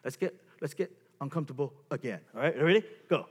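A lively man gives an emphatic seminar talk to couples, his pitch rising and falling a lot. His voice sits a bit high for a man and carries a long reverb from a large hall. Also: quick pace, few pauses, breathy edge. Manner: animated, emphatic, acts out examples. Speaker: marriage speaker.

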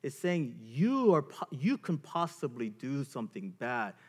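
A man's voice: fairly high pitch, a little slow, husky. A man giving a seminar talk to couples on marriage, speaking in an emphatic way and acting out examples. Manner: animated, emphatic, acts out examples. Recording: long hall reverb.

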